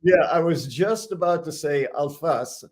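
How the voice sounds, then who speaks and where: A man's voice: fairly high pitch, measured pace. A man telling a casual anecdote on a live chat show, chuckling and restarting his sentences as he goes. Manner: chatty storyteller, frequent restarts and chuckles. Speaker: guest sharing an anecdote.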